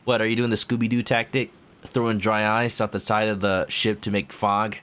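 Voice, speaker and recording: A man's voice: lowish voice, flat delivery, moderate pace, a bit bright, smooth. A man streaming a game playthrough, joking and riffing on what is happening on screen. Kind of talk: casual playthrough commentary.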